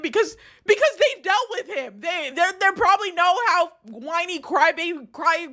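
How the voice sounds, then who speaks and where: A young woman talks casually on a live stream, mocking what she watches and laughing often. Her voice sits high and sounds bright and forward. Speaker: streamer reacting to videos.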